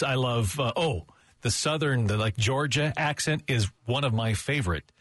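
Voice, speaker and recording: A man chatting casually and warmly, laughing now and then. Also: mid-range voice, normal speed, no echo. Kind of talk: casual chat.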